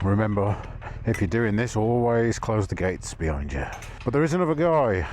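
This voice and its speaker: A man riding a motorbike on rough trails, chatting to himself and the camera in a casual, self-mocking way. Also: on the low side, animated, normal speed, darkish tone. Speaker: motorcycle vlogger. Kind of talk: casual running commentary while riding. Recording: outdoor wind and engine noise.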